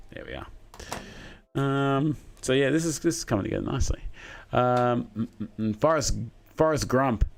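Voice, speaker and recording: A man's voice: mid-range voice, very animated, moderate pace, creaky, soft background music. A man in his thirties hosting a live stream, chatting casually and rambling, with many fillers and self-corrections. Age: 30s. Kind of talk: casual live chat while building.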